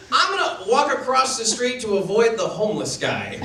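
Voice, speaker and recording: A man's voice: very high-pitched, wildly swooping pitch, very noisy. Young man doing dry stand-up. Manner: dry, halting delivery with many fillers. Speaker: stand-up comedian. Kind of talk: stand-up comedy set. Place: small live venue with an audience. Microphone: distant camera mic. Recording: echoey room from far off. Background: audience laughter.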